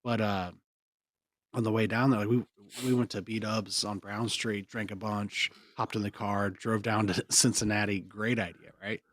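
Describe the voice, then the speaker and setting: Young midwestern man, low voice, dry close mic, rambling podcast storyteller. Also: flat delivery, normal speed, fairly bright tone, no echo. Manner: rambling, laughs mid-story. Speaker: podcast co-host. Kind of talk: casual storytelling chat.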